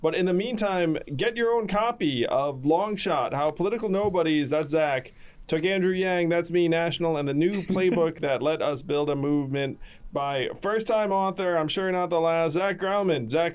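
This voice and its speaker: A man's voice: a little high, moderate pace, smooth. A man in his forties hosting a podcast, upbeat as he plugs a book and congratulates his guest. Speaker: podcast host. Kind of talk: casual podcast chat.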